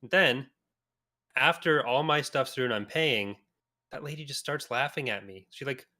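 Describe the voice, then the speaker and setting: Bright-voiced man telling an anecdote. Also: medium pitch, normal speed. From Canada. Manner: laid-back anecdote telling. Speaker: podcast co-host. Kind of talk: casual chat.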